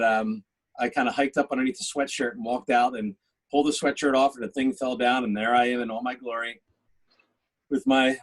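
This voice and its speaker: A man with a husky, mid-pitched voice who recounts stories in a relaxed way and pokes fun at himself. He sounds like an easygoing guest chatting with friends. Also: low-quality recording. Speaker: festival co-founder guest. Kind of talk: casual anecdotal storytelling.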